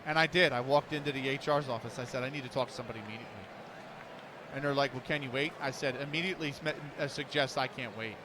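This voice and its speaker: A man's voice: medium pitch, fast talker, noisy background. Rambling man telling a work story. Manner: rambling, restarts and quotes others in dialogue. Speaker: streamer and esports commentator. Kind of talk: casual storytelling on a live stream.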